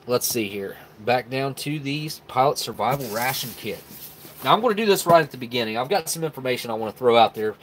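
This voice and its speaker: A man chatting casually on a live stream from home, greeting viewers one by one and wandering through announcements. His voice sits at an ordinary middle pitch and comes through a desk mic. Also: animated, fairly quick, slight background noise.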